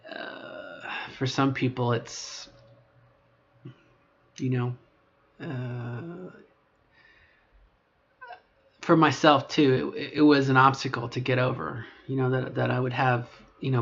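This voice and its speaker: A middle-aged trans woman talking in a casual video diary, rambling with many fillers and restarts, moving between a lower voice and an upper register. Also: steady tone, takes it slowly, vocal fry, lo-fi sound. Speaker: vlogger.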